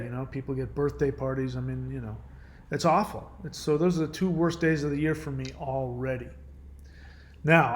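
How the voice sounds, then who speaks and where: A man, a caller, telling an emotional personal story in a halting, earnest way with many restarts. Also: mid-range voice.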